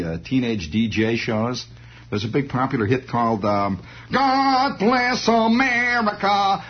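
A man hosting a radio show, telling a comic monologue in a rambling, stammering way on a dull lo-fi radio recording. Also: on the low side. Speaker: radio talk show host.

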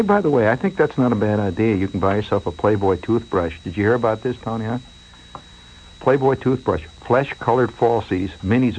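A man's voice: mid-range voice, highs cut off, slight background noise. A man hosting a late-night radio show, telling a rambling story in a mock-anxious way and asking listeners to call in.

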